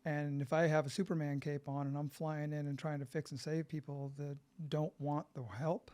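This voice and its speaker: A man's voice: on the high side, little pitch movement, normal speed, mellow. A middle-aged man from California, a podcast guest telling candid, blunt stories about his recovery. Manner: blunt, plain-spoken, frank about his past. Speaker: podcast guest, breathwork facilitator. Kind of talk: candid storytelling conversation.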